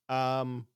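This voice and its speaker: Slow, easygoing man co-host. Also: mid-range voice, clean tone, dry recording, clean studio sound. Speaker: podcast co-host. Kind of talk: casual review chat.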